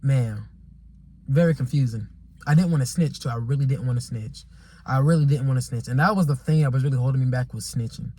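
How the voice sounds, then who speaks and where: A man's voice: medium pitch, a little fast, mellow, slightly rough. A young man vlogging a casual storytime monologue, rambling and repeating himself with exasperation and slang.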